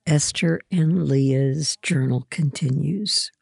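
A woman narrates a storybook in a slow, measured reading. Her voice is low and dark, with a gravelly fry. The sound is dry and close. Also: no room sound. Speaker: reader.

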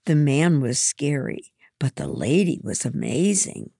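A woman's voice: extremely low pitch, huge pitch swings, measured pace, creaky, dark tone, husky, dry recording, studio quality, full character voice. A woman voicing an eager, pleading teenage girl in a storybook reading.

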